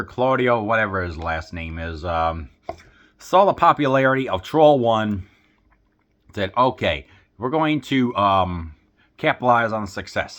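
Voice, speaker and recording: A man talking through a film review in a loose, rambling way, stumbling over restarts and fillers. His voice sits a bit low but comes across bright and forceful. He sounds befuddled and exasperated by what he is describing. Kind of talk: casual film review vlog.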